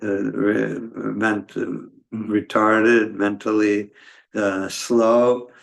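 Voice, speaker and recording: A man giving a scripture class in a halting, conversational way, with many fillers and restarts. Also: on the low side, level tone, vocal fry. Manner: conversational storytelling. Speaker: class speaker.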